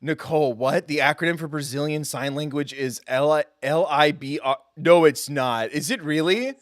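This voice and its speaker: A man's voice: fairly high pitch, normal speed, few pauses, no echo, studio quality. Chatty, self-deprecating male streamer. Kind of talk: casual live-stream chat.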